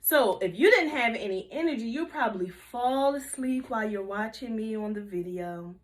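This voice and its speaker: A woman giving a kindergarten video lesson on healthy eating, in a bouncy teacher voice with call-and-response and drawn-out repeated words. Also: fairly high pitch, lively intonation. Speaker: nutrition educator for young children.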